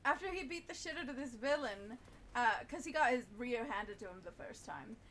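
A woman's voice: fairly high pitch, expressive, a little fast, a bit bright, a little hiss or hum. A woman streaming a game, chatting casually and laughing often. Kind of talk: casual chat while playing.

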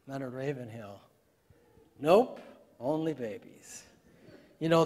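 A man's voice: on the high side, darkish tone. A man preaching a sermon, talking conversationally and rising to emphatic peaks. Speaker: pastor. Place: church sanctuary. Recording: long hall reverb in a church.

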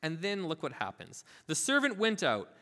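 A man preaching a sermon as pastor, telling a parable with lively asides and acting out the characters' voices. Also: on the high side, moderate pace, big-room sound. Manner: informal, filler-heavy asides. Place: church sanctuary.

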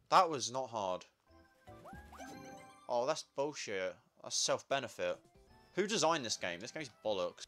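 A young man with a medium-pitched, slightly bright voice does let's play commentary on a party video game, keeping it crude, sarcastic, and heavy on swearing.

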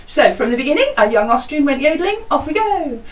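Woman, school music teacher, high voice, unhurried and encouraging, roomy sound. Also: sing-song, far from the mic. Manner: slow, clear and encouraging, sings parts and animal sounds. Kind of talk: teaching a song to children.

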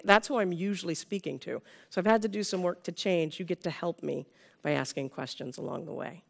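A Sonoma County, California woman in her fifties gives a conversational conference keynote to a live audience in a conference room, often adding "right?" to engage them. Her fairly low voice is brisk, with some vocal fry.

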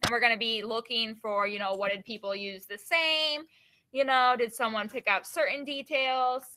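A woman's voice: on the high side, fairly even intonation, normal speed, background noise. A woman teacher running a class in an upbeat, encouraging way, talking to her students in an online class. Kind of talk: classroom lesson.

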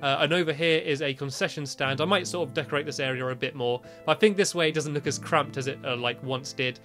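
A man's voice: on the high side, fairly bright tone. Chatty British young man narrating a game. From Britain. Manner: chatty, rambling, shrieks when scared. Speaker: gaming YouTuber. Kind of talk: casual gameplay commentary.

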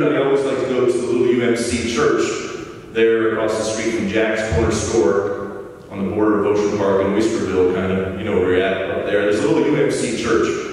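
A man's voice: lowish voice, a little mellow, slight background noise. A man preaching a conversational sermon as pastor, folksy and self-deprecating, in a church sanctuary. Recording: echoey church hall from far off.

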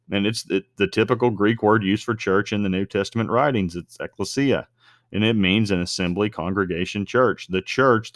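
A man casually teaching on scripture in an explanatory way, often slowing down to stretch out key words. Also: fairly low pitch, dry recording, studio quality. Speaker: online commentator on faith and news.

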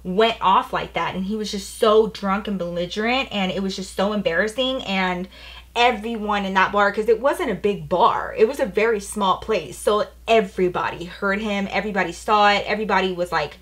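A woman's voice: mid-range voice, normal speed, fairly bright tone. A young adult woman chatting casually as she tells a personal story, with lots of "like" and "you know". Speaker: beauty vlogger.

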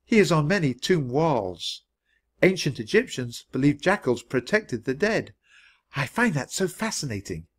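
A man voicing a polite, earnest young Victorian woman who talks gently about what fascinates her. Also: on the high side, sing-song, a little slow, husky, voice pushed up, exaggerated voice.

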